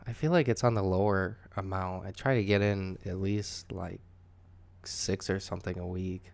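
A young comedian co-hosting a podcast, asking pointed questions and giving opinions in casual chat. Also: male voice, low-pitched, fairly even intonation, normal speed, gravelly.

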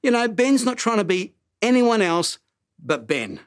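A middle-aged man preaching a sermon as pastor, animated and self-mocking, who often repeats his words. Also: sits high, unhurried, no room sound, studio quality.

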